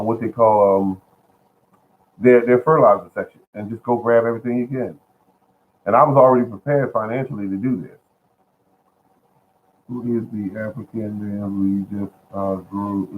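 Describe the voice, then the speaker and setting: Speaking in a lowish voice over a faint hiss or hum, this man chats from inside his home about cheap gardening finds. He loops back over the same points, calls his viewers "folks," and sounds like he's on a lo-fi phone recording.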